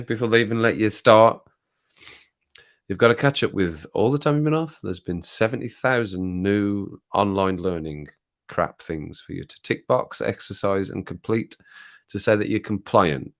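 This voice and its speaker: A man's voice: on the low side, normal speed. A man hosting a casual live stream, chatting and reading viewer comments aloud with frequent laughter.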